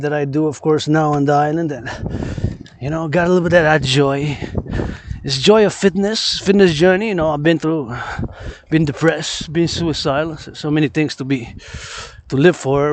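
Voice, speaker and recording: A man's voice: fairly high pitch, slight background noise. A man from Quebec vlogging outdoors while moving through a city, talking in a rambling, repetitive, preachy way into a handheld phone camera. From Quebec, Canada. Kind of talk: rambling outdoor vlog monologue.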